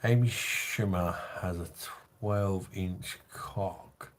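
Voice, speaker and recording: A man's voice: deep voice, drawn-out words, slight background noise. A man, drunk, hosting a crude, rambling livestream chat and reading out viewer comments. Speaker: livestream host.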